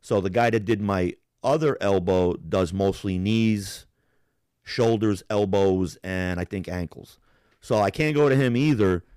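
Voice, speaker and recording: Low-voiced man telling a rambling story. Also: measured pace, a little mellow, clear, resonant tone, no room sound, clean studio sound. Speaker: podcast co-host. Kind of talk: casual live-stream chat.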